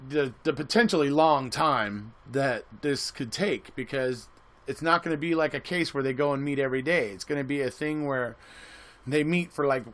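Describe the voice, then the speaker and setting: A man's voice: medium pitch, fairly bright tone. A man giving casual spoken commentary as an online commentator. He rambles, often restarting and repeating words, and grows emphatic when he is being critical.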